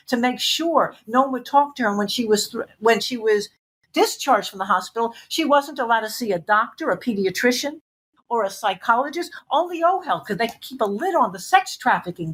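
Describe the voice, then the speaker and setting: A woman's voice: on the high side, animated, normal speed, a bit bright, husky. A woman interview guest giving intense, emphatic testimony, repeating phrases for weight.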